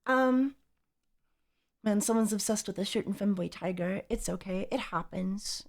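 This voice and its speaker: A woman's voice: mid-range voice, measured pace, a little mellow. A young adult woman streaming as a VTuber, chatting casually and reading chat aloud in a teasing, playful way.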